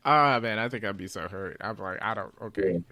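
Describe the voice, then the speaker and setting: A man's voice: lowish voice, a little fast, crowd noise. A man co-hosting a podcast, chatting casually about a movie and laughing often. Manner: laughs often, animated retelling. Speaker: podcast co-host.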